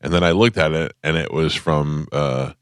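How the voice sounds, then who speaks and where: A middle-aged man co-hosting a radio show, telling stories in a halting, rambling way. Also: a bass voice, steady tone, clear, resonant tone, no room sound, studio quality. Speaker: radio co-host. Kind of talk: casual chat.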